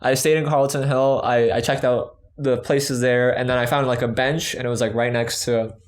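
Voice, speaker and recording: A man's voice: medium pitch, fairly even intonation, normal speed. A young man co-hosting a casual chat, telling a rambling travel story with many fillers. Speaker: podcast co-host.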